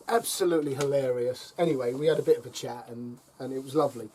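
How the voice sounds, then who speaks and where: Talking fast with few pauses, this middle-aged allotment vlogger tells wry, chuckling stories to camera beside a fire, peppered with dry jabs. His medium-pitched voice is dark with a breathy edge.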